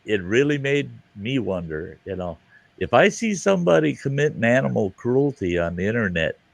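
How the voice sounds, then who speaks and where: A man's voice: medium pitch, big pitch swings, normal speed, vocal fry, no room sound. A man in casual group chat, emphatic and laughing, swearing freely.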